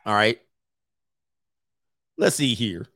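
A man's voice: lowish voice, animated, slow pace, vocal fry, sharp tone, dry recording, studio quality. A man in his thirties hosting an online commentary show, ranting brashly and laughing at his own jokes. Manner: brash, joking, laughs often. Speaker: streamer and commentary host. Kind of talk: casual commentary rant.

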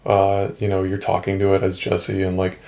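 A man's voice: low-pitched, monotone, moderate pace, vocal fry, a little mellow. A man co-hosting a casual podcast, rambling and recapping a game with many fillers. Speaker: podcast co-host.

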